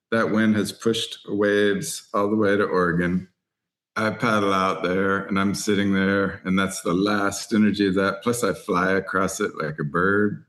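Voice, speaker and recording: A middle-aged man from Texas, a writer and outdoorsman, speaks in a low voice as an interview guest. He tells animated stories and slips into the voices of the people in them. His talk is casual and full of enthusiasm. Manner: animated anecdotes, voices other people in quotes. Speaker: podcast guest, writer and angler. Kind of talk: storytelling interview chat.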